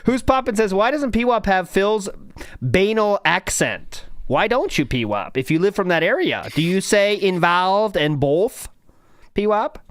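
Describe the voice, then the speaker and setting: A man's voice: high-pitched, lively intonation, a little slow, a bit bright, no echo. A man hosting a casual podcast, rambling and joking as he reads out chat comments. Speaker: podcast host.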